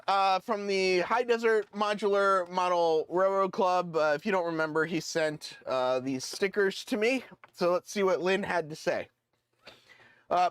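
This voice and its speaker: A man with a notably high voice talks loosely on a live stream, reading a letter aloud with frequent fillers and jokey, self-deprecating asides. The sound is dry and close, with no room around it. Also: fairly bright tone, clean tone, no echo. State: voice cracking. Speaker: model railroad streamer.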